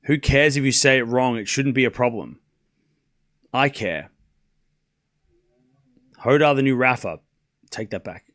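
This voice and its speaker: An Australian man hosting a live tennis watchalong stream, joking with his chat, practising player names out loud and calling the points. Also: medium pitch. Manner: playful and joking, reads chat aloud, repeats player names to practise them.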